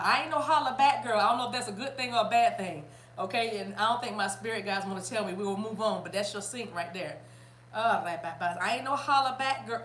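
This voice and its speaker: A chatty, animated woman from South Carolina, giving a casual spiritual reading to her viewers. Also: fairly high pitch, brisk, reverberant, slight background noise. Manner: animated, chatty, bursts into laughter and song. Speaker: spiritual reader.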